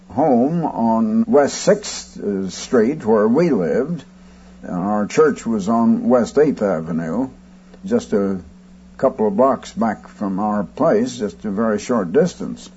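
A man preaching as he recounts a story, rambling with fillers and bursting loud when he quotes a shout. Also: mid-range voice, husky, highs cut off. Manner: rambling anecdotal telling with fillers. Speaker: radio preacher. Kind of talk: storytelling sermon.

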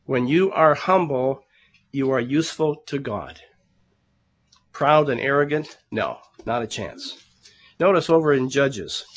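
A man's voice: medium pitch, animated, unhurried. A man preaching a sermon in an earnest, conversational way. He calls the congregation brethren and often repeats words while he searches for the next one. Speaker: pastor.

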